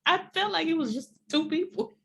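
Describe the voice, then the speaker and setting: A woman co-hosts a casual TV recap in a jokey, expressive way. Her pitch moves a lot, and she swings between loud bursts and soft asides. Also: fairly quick, vocal fry. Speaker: podcast co-host.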